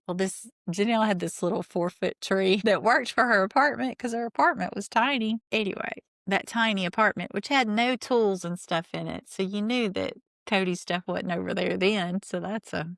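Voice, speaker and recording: A woman's voice: lowish voice, a bit bright, dry recording, studio quality. A woman hosting a podcast, recapping a reality TV show in a chatty, gossipy way. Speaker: podcast host.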